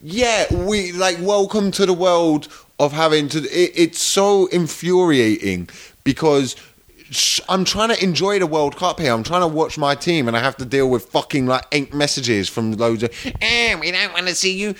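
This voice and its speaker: A man's voice: a little high, normal speed. An English man co-hosting a podcast, blunt and sweary, teasing his friend in casual chat. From England.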